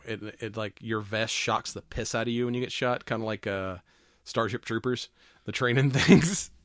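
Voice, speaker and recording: An adult podcast co-host with kids casually recaps a holiday movie, quoting character lines, swearing freely and laughing often. His voice is fairly low and a bit bright, at a moderate pace, in a dry, studio-quality recording.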